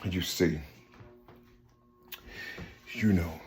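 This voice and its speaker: Over soft background music, a man with a darkish tone draws out his words in a rambling personal monologue. He repeats "you see" constantly, stumbles and starts again, and moves from low murmurs to emphatic, raised bursts.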